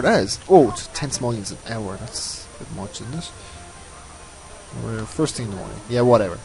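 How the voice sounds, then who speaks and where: A man's voice: on the low side, lively intonation, normal speed, creaky, a little mellow, faint music behind, poor audio. Rambling man narrating his gameplay. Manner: rambling, self-mocking. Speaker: let's play host. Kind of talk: casual gameplay commentary.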